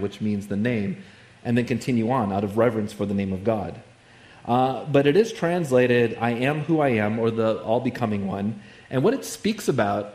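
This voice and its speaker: A man's voice: medium pitch, a little mellow, roomy sound. A man preaching a sermon in a conversational way, with many asides and fillers. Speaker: pastor.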